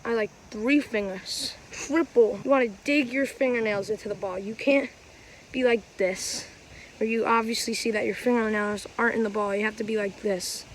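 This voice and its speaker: This wiffleball player and channel host has a slightly high voice with fairly even intonation and a moderate pace. She's filming a casual outdoor how-to vlog on a windy day with her phone camera, and the recording quality is low. Her delivery is chatty and rambling, with frequent self-corrections.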